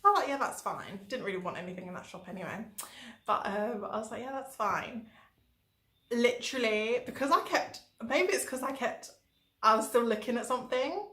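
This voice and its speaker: A woman's voice: fairly high pitch, fairly quick, reverberant. A woman from England chatting casually in a travel diary vlog, telling stories with lots of fillers. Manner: chatty, animated storytelling with many fillers. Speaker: travel vlogger.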